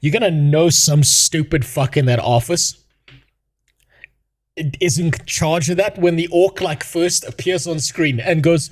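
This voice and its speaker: Speaking a little slowly in a slightly high voice, a male streamer hosts a casual rant. He mocks his subject, laughs often, and rambles.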